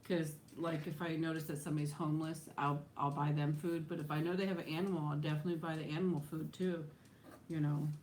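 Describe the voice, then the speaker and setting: A middle-aged woman hosting her own live stream, answering viewers' questions in a loose, rambling way and breaking into laughs. Her voice sits fairly low for a woman, and a faint hiss runs under it from a home webcam or phone mic. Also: flat delivery, fast talker, darkish tone. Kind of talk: casual live-stream chat.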